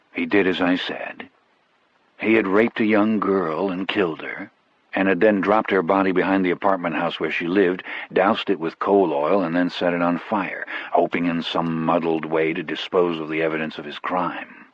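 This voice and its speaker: A man narrating an audiobook in a measured, grave first-person storytelling style. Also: sits low, fairly even intonation, no room sound, dull audio.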